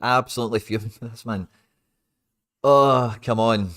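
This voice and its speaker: A young Scottish man hosting a football watch-along, ranting and swearing in exasperation with sudden loud outbursts, speaking into a desk mic. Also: medium pitch, steady tone, moderate pace. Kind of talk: live match watch-along chat.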